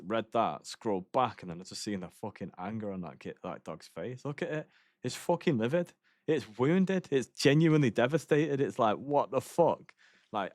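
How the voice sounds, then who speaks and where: A man's voice: on the low side, dry recording, clean studio sound. A man streaming a game, telling rambling stories in casual chat, swearing often and laughing between lines.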